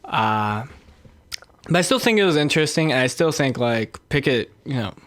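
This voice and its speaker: A young man co-hosting a podcast, talking sports in a measured way with many fillers and hedges. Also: medium pitch, animated, fairly bright tone. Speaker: podcast co-host. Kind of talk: casual sports chat.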